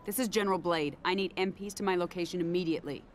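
A woman's voice: fairly low pitch, fast talker, soft background music, natural voice. An actress playing a tough female army general and protective mother who makes stern threats in a game. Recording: game audio heard from the speakers.

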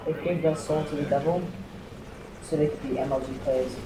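A man's voice: a little high, fairly even intonation, brisk. A man giving gameplay commentary, complaining melodramatically and cursing in bursts. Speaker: gaming video maker. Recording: roomy, distant mic with noise.

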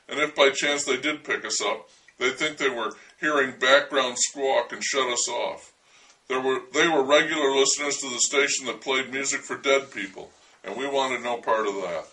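A man's voice: medium pitch, pushed and bright, recorded from a distance, a little hiss or hum, low-quality recording. A man telling a memoir story with wry, dry humor.

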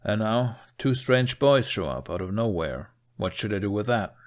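A man reading a fan fiction story aloud, voicing a stern, weary village chief who speaks in a firm, measured way. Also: lowish voice, expressive, lightly acted.

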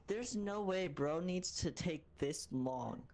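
A man's voice: high-pitched, expressive, takes it slowly, a little mellow. A young man in casual gaming chat, teasing and slangy in a playful way. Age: young adult. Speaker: gaming co-player.

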